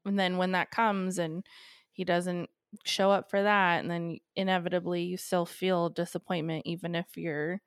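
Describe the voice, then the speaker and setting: A woman's voice: fairly low pitch, flat delivery, normal speed, clean tone, dry recording, studio quality. A woman co-hosting a podcast, talking in a supportive, reflective, reassuring way. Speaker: podcast co-host. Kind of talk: casual chat.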